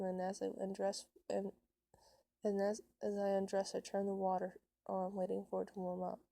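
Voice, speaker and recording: A woman reading a fan love story aloud, with a halting delivery full of restarts and stumbles. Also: medium pitch, gravelly, warm tone, no echo.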